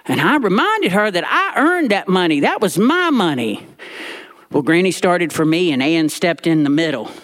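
A man telling a funny personal story from his childhood with comic timing and drawn-out pauses. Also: high-pitched, sing-song, a bit bright.

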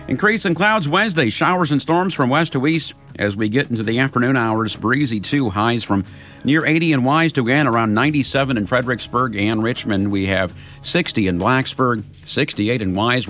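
A man hosting local radio news, reading headlines and the weather forecast in a steady announcer delivery. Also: mid-range voice.

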